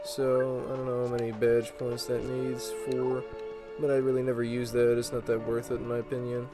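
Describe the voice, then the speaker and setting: A man giving laid-back gameplay commentary in a mid-pitched voice, pausing often with fillers. Clear video game music plays under his talk. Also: rough recording. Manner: relaxed, rambling with many fillers. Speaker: let's play host.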